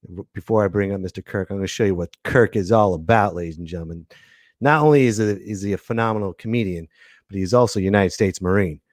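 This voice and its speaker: A man's voice: low voice, fast, darkish tone, dry recording, studio quality. A man hosting a podcast, chatting casually and giving hyped, showman-style introductions. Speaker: podcast host. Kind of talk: casual chat.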